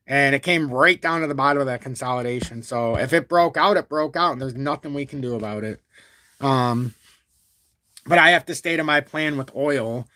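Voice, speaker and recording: A man hosting a crypto live stream, talking at length in a blunt, calm and even tone while reading out viewer super chats. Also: mid-range voice, no echo, studio quality. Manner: talkative and blunt, reads super chats aloud; calm, even-toned delivery even when annoyed. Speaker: crypto livestream host. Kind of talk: live-stream market commentary.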